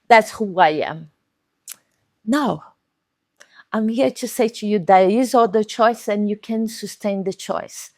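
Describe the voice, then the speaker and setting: A young Brazilian woman with a Portuguese accent speaks slowly and deliberately, acting out little scenes as she tells a motivational story. Her voice sits in a mid range and sounds dry and close, with no room around it. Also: a little high, no echo. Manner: acts out scenes with dramatic voices and sound effects.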